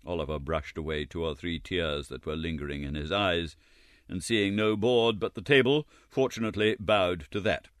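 A man reading a classic novel aloud as an audiobook narrator, expressive and wry. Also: deep voice, moderate pace, no room sound, clean studio sound.

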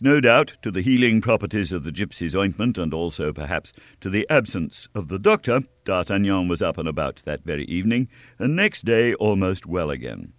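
Man, deep voice, audiobook narration, lively, expressive, dry close recording. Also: dry recording.

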